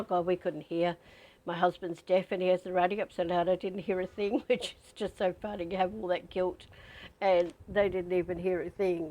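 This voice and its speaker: The recording is rough, capturing a woman whose voice is lowish and darkish in tone. She's a spiritual teacher leading a guided training talk, telling personal stories in a candid, chatty manner and cueing listeners to breathe.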